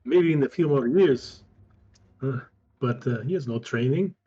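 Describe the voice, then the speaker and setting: A man narrating as game master of a tabletop role-playing game, halting with frequent ums and restarts. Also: medium pitch, warm tone, slightly rough, highs cut off.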